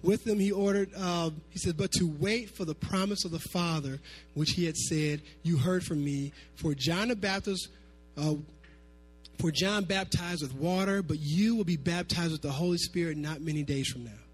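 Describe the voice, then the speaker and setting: A pastor delivers his sermon in a fairly high voice, lively and half-sung at times. Faint music plays underneath his words. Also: normal speed, husky. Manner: animated preaching, sometimes half-singing his phrases.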